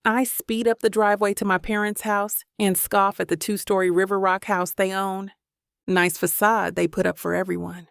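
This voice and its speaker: A woman's voice: mid-range voice, little pitch movement, normal speed, creaky, fairly bright tone, no echo, studio quality. A woman narrating a first-person romance audiobook, reading dramatically. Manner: dramatic, voices characters' lines with emotion.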